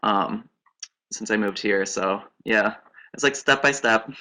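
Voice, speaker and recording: A man's voice: fairly low pitch, unhurried, pushed and bright. A man guest on a live online chat, talking modestly about his sewing with frequent laughs. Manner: giggly, modest, rambling. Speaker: guest designer. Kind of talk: casual interview chat.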